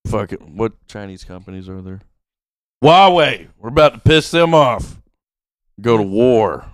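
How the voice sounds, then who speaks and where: A man's voice: on the low side, expressive, a little slow, dry recording, poor audio. A man co-hosting a casual sports podcast, joking around and slipping into silly put-on voices. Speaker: podcast co-host. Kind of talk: casual chat.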